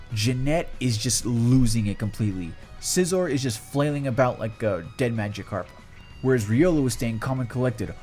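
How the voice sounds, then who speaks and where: A man's voice: medium pitch, darkish tone. A young man narrating a fan story in a loose, conversational play-by-play with run-on phrasing. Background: faint guitar music.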